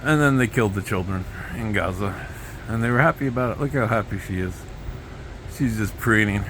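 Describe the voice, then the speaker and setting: A man's voice: fairly low pitch, fairly quick, a bit bright, slight background noise. Sardonic man ranting alone to camera. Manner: sardonic, conspiratorial, lurching between quotes. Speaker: video blogger. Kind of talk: rambling solo monologue.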